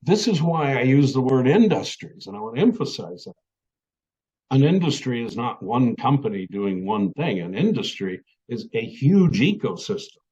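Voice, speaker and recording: Halting man giving a webinar talk. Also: mid-range voice, a little mellow, highs cut off. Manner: halting, many fillers and restarts. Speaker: webinar speaker.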